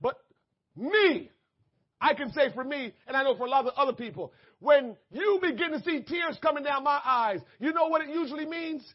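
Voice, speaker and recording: Man, preacher, sermon, very high voice, shouted emphasis, dull lo-fi sound. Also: lively intonation, moderate pace. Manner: impassioned preaching, swings between soft asides and shouted emphasis; addresses the congregation directly.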